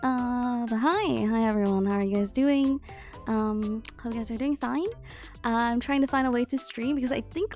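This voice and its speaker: A woman streamer chatting casually and softly from her living room, with lots of fillers and frequent laughter. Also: fairly high pitch, normal speed, faint music behind. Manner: speaking softly. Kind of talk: casual chat.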